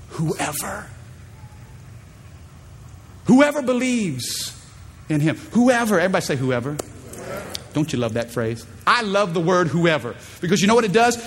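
Preacher man in his thirties, high-pitched, emphatic, drawing in the congregation; stage recording with long hall reverb. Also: slight background noise. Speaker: pastor. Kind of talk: sermon. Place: church stage.

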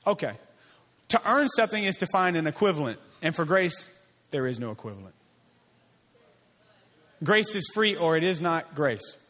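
A man with a fairly high voice delivers a sermon as a pastor. He stacks phrases in an emphatic, repeating cadence. On key lines he sinks to a soft, slow voice. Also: lively intonation. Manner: emphatic, repetitive preaching cadence.

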